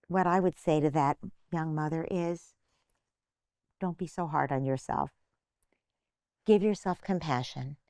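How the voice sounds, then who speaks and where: Clean, dry studio audio captures a fairly low, darkish-toned older woman. A guest psychotherapist in an interview, she patiently lays out parenting advice and acts out little imagined phrases.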